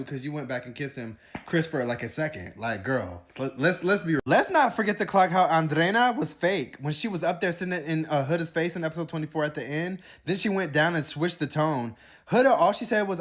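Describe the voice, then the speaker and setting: A man recapping a reality show in casual chat, mocking and animated. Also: a little high, normal speed. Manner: animated, mocking, acts out voices of cast members.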